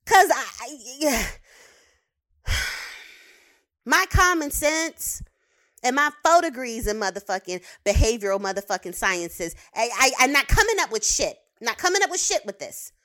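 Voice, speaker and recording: A woman rants in a casual commentary, her voice sitting a little high for a woman. She swears freely and hammers her points home by repeating words. She talks like a behavioral science professional who has clients. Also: very animated, a little slow, a bit bright. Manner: heated, profane, repeats words for emphasis.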